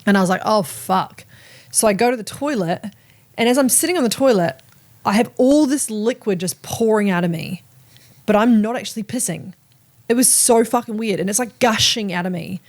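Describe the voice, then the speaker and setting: A woman's voice: on the high side, brisk. A woman hosting a podcast, telling a personal story in a candid, casual way, swearing freely and acting out what people said. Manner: candid, swears freely, lively retelling with quoted dialogue. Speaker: podcast host.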